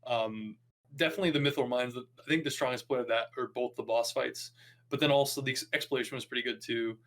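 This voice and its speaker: A man's voice: medium pitch, fairly even intonation, quick pace, fairly bright tone. Rambling man in a mid-range voice. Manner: rambling, filler-heavy. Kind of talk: casual podcast chat.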